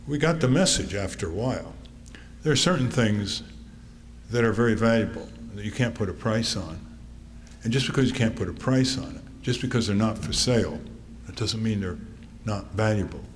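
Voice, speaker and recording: A man in his eighties from Connecticut, giving a talk to an audience and telling wry family anecdotes with frequent pauses. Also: fairly low pitch, animated. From Connecticut, USA. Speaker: author giving a public talk. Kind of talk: storytelling speech to an audience. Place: theater stage. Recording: long theater reverb, faint noise.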